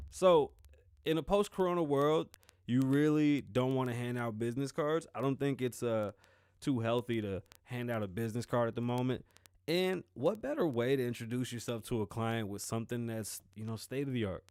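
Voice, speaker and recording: A Bronx-born man with a Bronx New York accent hosts a podcast, rambling through a loose monologue and laughing and swearing often. His voice is medium-pitched with a darkish, clean tone. He's recorded on a close-up mic with no echo.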